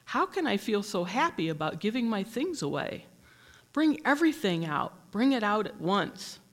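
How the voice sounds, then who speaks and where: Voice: very animated, moderate pace. A storybook reader voicing a greedy, powerful king who demands and cries out in a raised, strained voice. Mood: overjoyed. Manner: loud, high, strained outbursts.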